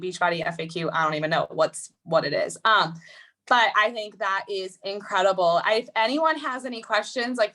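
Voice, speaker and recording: A woman's voice: medium pitch, fairly bright tone. A woman hosting a live stream, chatting casually and encouraging her guest with lots of "like"s, through a video-call mic. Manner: enthusiastic, encouraging, many likes. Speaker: host, coach.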